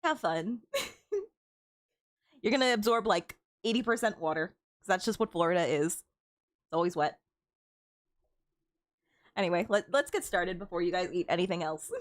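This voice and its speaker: A woman's voice: fairly low pitch, measured pace, long pauses. A young woman streaming a game, chatting casually with frequent giggles and stammered restarts. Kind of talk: casual chat while gaming.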